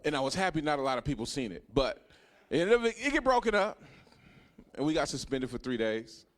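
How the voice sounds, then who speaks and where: A man's voice: a little high, big pitch swings, brisk. Profane storytelling stand-up comedian man. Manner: storytelling, profane, swings from hushed to loud. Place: comedy club stage.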